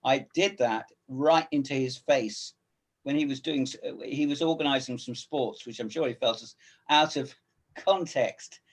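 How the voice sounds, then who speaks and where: A man's voice: medium pitch, moderate pace. A middle-aged man talking as a guest, wry and bookish, with old-fashioned turns of phrase. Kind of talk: casual chat.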